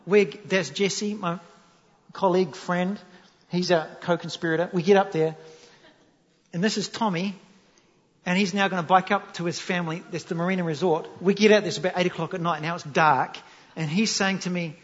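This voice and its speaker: This sermon comes from a New Zealand-accented pastor whose high-pitched voice moves fairly quickly. Animated and full of jokes, he tells stories and quizzes his audience along the way. The audio is lo-fi and muffled, with hall echo.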